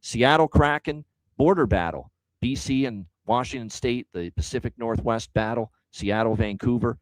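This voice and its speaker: A man's voice: mid-range voice, normal speed, dry recording, rough recording. A man hosting a sports betting show, talking through his picks in an emphatic, casual way.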